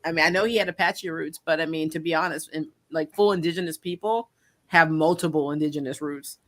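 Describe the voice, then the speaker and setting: A woman's voice: deep voice, fairly even intonation, a little fast. A woman hosting a casual livestream chat, talkative and laughing often, with frequent ums. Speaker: host.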